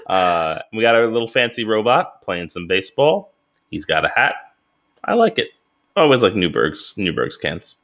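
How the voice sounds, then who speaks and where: A man hosting a relaxed podcast chat, teasing his co-hosts and laughing often. His pitch swings widely from low to high. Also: moderate pace. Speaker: podcast co-host.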